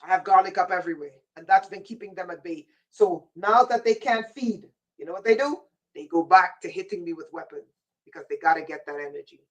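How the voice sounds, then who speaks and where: A woman's voice: lowish voice, a little fast, recorded from a distance, poor audio. A woman hosting a livestream, delivering a rambling, intense monologue in a warning tone and answering viewers' chat comments by name. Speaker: livestream host.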